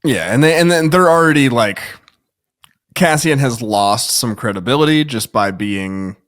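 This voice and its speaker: A man co-hosting a podcast, chatting casually in a lively, jokey way. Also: mid-range voice, moderate pace. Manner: lively, jokey, prone to laughing and quoting. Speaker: podcast co-host. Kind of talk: casual recap chat.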